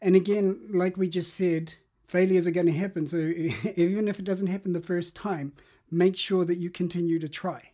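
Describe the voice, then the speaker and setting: Mellow-voiced man explaining habits. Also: sits high, steady tone, normal speed. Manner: reflective, explaining with examples and restarts. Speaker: guest. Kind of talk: interview about habits.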